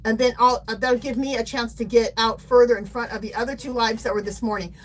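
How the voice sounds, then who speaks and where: A woman's voice: a little high, steady tone, quick pace. A woman hosting a casual craft livestream, chatty and playful, reading viewer comments aloud and laughing often. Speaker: livestream host.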